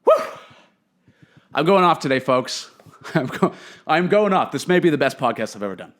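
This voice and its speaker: Male solo comedy podcaster, somewhat high voice, profane and opinionated, ranting monologue. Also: very animated, a little fast. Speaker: podcast host.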